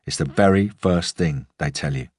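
A man's voice: rumbling low, normal speed, a little mellow, husky, dry recording, studio quality. A man voicing a curt, guarded old groundsman with a mixed Russian and West Country accent, speaking in clipped, terse lines. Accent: Russian mixed with West Country English. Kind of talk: audiobook character voice.

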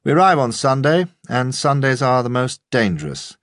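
A man's voice: mid-range voice, big pitch swings, normal speed, dry recording, clean studio sound, pitched above the performer's own voice. A man playing a blunt, grimly commanding army captain in an audiobook.

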